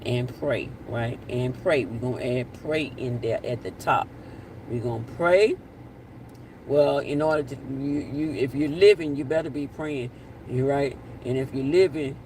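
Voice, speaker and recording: A man's voice: mid-range voice, measured pace, darkish tone, distant mic. A man chats easily on a live stream, reading out comments and repeating his words for emphasis. He sounds set back from the mic, with faint street and car noise outdoors. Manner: chatty, repeats himself, signs off with blessings.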